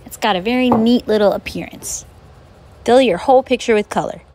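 A woman art teacher who reads a picture book aloud with expressive, animated storytelling, then gives drawing steps. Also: fairly high pitch, a little fast.

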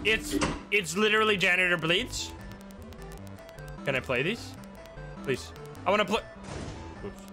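A man streaming a video game live, commenting excitably, laughing and swearing as he plays. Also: high-pitched, unhurried, long pauses. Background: game music.

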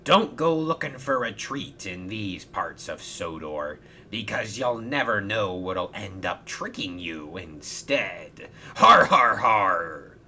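A man voicing a gruff sailor figure who talks in pirate slang, speaking sternly and slyly in a storybook reading. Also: deep voice, very animated, slow, few pauses, bright, forceful tone, a little hiss or hum, exaggerated voice. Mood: gloating.

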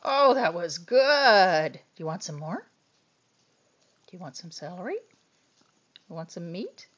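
A woman coaxing her pet dog in sing-song baby talk, swinging from loud to hushed, on a dull lo-fi home video. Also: on the low side, very animated, unhurried. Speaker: dog owner.

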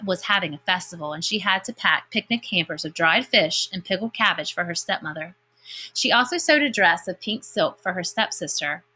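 A woman teacher reading a picture book aloud to her class, with expressive delivery and comments of her own in between. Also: fairly low pitch. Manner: expressive storybook reading with lively character voices.

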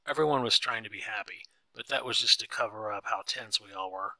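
Bright, dry male storyteller voice. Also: lowish voice, fairly quick, gravelly, no echo, low-quality recording. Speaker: audiobook narrator. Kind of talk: scripted narration of a simplified classic novel.

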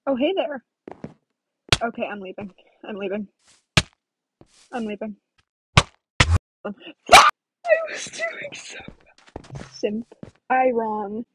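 A young woman giving chaotic, erratic gameplay commentary, jumping from mutters to sudden yells. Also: fairly high pitch, slow, pauses often, very noisy. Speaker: gaming YouTuber.

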